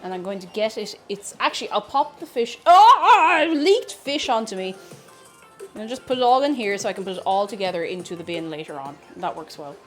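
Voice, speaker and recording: A woman with a mid-range voice talks fast while cooking on a live stream, with faint music behind her. She chats playfully with her viewers as she works, keeping the conversation casual.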